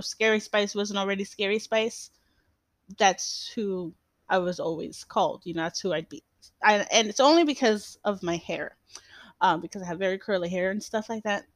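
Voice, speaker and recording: A woman's voice: mid-range voice, dry recording. A young woman hosting a casual solo podcast, rambling with lots of fillers and restarts and laughing often. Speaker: podcast host.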